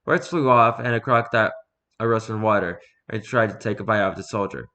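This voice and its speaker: Guy casually reading out his story, bright voice, stumbles and restarts. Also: fairly low pitch, fairly quick. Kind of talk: reading his own fiction aloud.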